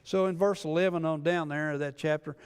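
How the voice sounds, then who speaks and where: A man's voice: on the high side, steady tone, a little fast, clean tone. A man preaching a sermon, reading scripture and retelling the story in a folksy way, acting out the people in it. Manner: folksy storytelling, acts out biblical voices. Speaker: pastor. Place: church sanctuary. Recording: long church reverb.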